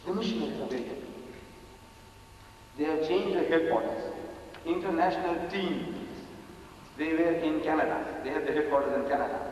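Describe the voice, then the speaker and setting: An older man from South Africa giving an emphatic public lecture, repeating phrases for effect and swinging between loud exclamations and quiet asides. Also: fairly high pitch, fairly quick, pauses often, slight background noise. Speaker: Muslim public speaker. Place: lecture hall. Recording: echoey hall recorded from a distance.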